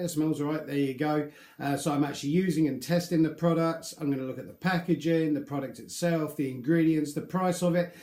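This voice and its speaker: A man's voice: a little high, darkish tone. A man chatting casually through a beard product review, rambling and joking about himself. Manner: chatty, rambling, self-deprecating. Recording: echoey room.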